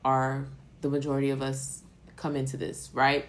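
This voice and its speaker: A woman's voice: rumbling low, monotone, normal speed. A woman giving a live-stream tarot reading, talking emotionally and rambling, with casual swearing. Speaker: tarot reader.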